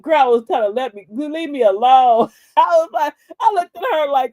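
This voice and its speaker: An older woman hosting a casual motivational livestream, telling stories with lots of laughter and reading affirmations slowly and with emphasis. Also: high-pitched, dry recording. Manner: animated storyteller, laughs often. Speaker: livestream host.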